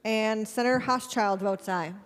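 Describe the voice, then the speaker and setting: A woman senator briskly relaying remote members' votes, one by one, in a formal tone. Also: fairly high pitch, smooth. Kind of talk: announcing votes. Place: legislative chamber. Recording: reverberant chamber.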